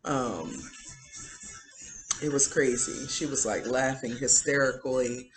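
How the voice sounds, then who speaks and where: A spiritual vlogger with a low, rumbling voice talks slowly over faint background music in a low-quality recording. Her casual commentary is chatty and indignant, packed with "um" and "like."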